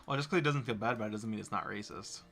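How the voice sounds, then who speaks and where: A man's voice: lowish voice, rapid-fire, fairly bright tone, faint music behind. A young man, a game developer, chatting casually with a co-host, teasing and laughing often. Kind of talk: casual chat while working.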